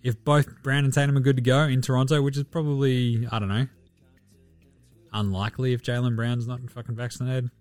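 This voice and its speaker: Swearing sports podcast host. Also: male voice, medium pitch, level tone, a little fast, darkish tone, soft background music. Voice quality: profane, slangy banter. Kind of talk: casual sports betting chat.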